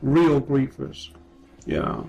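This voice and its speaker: A man's voice: medium pitch, very animated, drawn-out words, creaky, warm tone, slightly rough, lo-fi sound, faint music behind. A man trolling strangers in online voice chat, mocking and teasing in a sing-song way.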